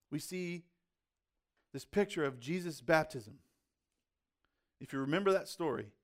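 A male pastor with a notably high voice delivers a sermon in a relaxed, conversational way. He poses rhetorical questions to his listeners and drops in casual asides as he explains his point.

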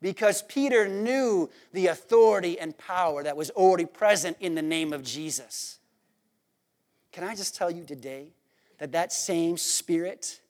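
Animated, worked-up man preaching. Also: high-pitched. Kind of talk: sermon.

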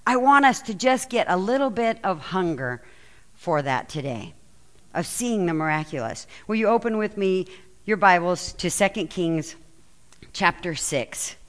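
A woman pastor preaching a sermon and reading scripture aloud, telling the story with lively, acted-out quotes. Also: lowish voice, measured pace. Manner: animated storytelling, acts out quoted lines.

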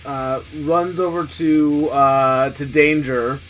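A man playing a tabletop role-playing game, talking haltingly with many fillers. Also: a little high, fairly even intonation, soft background music. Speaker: player.

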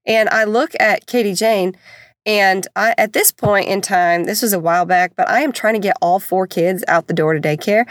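A woman's voice: medium pitch, dry recording. A woman, casually telling stories about her kids, chatty and exasperated, with self-deprecating humor. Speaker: podcast host and mother of four. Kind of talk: casual storytelling monologue.

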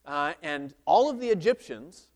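A man's voice: on the high side, big pitch swings, measured pace. Earnest man preaching a sermon. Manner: earnest expository preaching with frequent restarts, reading scripture aloud. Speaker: pastor.

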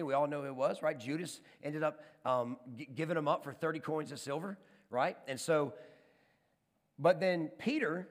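A man preaching a sermon, telling stories with animated energy and often repeating and restarting words. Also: on the high side, normal speed. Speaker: pastor. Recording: long hall reverb.

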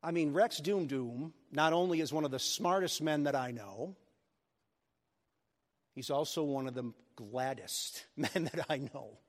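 A man preaching a sermon as pastor of a church, animated and joking with his congregation. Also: on the high side, a little slow. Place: church sanctuary. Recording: long hall reverb.

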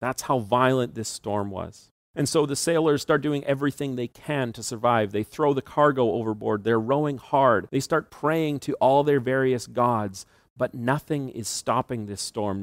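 A pastor delivers a sermon like a conversation, retelling a story with asides and little laughs at normal speed. His voice is at an ordinary middle pitch, and the recording is dry and close with almost no echo.

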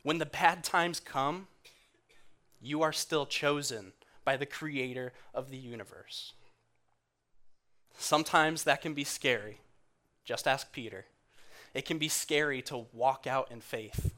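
Man, sermon, earnest, conversational, mid-pitched voice, church talk. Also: a little slow. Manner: earnest and conversational, drops soft for quoted lines. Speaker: guest speaker in church.

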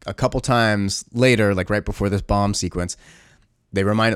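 A man's voice: fairly low pitch, moderate pace, smooth, no room sound, studio quality. A man casually recapping a movie plot, rambling and sarcastic with lots of fillers. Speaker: movie reviewer.

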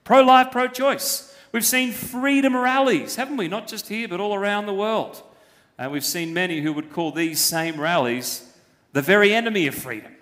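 Pastor, man, high-pitched, emphatic preaching style, long church-hall reverb. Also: moderate pace, a bit bright. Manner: emphatic, uses rhetorical questions. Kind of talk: sermon.

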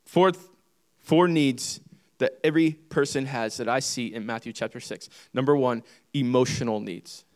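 Preaching at a moderate pace, a man with a medium-pitched, somewhat mellow voice reads scripture to his congregation. He emphatically repeats key phrases and asks his listeners questions to drive each point home.

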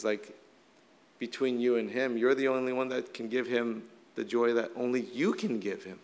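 Hoarse man preaching in a reverberant hall. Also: medium pitch. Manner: casual, conversational preaching with many "like" fillers. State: slightly hoarse from shouting. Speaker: pastor. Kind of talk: sermon.

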